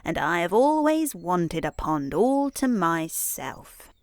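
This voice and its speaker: Lady doing a fussy little frog in a bedtime story, lively ups and downs. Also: fairly low pitch, slow, dry recording, heavily acted. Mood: coaxing. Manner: gentle storybook voicing. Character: fussy talking male frog.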